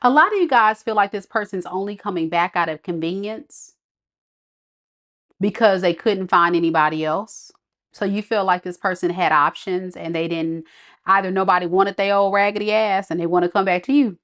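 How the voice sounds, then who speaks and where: A woman's voice: mid-range voice, normal speed, a bit bright. A woman giving a casual tarot reading, chatty, blunt and sassy with her viewers. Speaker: tarot reader.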